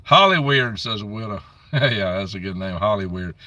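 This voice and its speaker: A man's voice: lowish voice, normal speed, pushed and bright, dry recording, recorded from a distance. A man hosting a casual live stream on his phone, chatting and grumbling as he reads out where viewers are from. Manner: reads out viewer comments and locations.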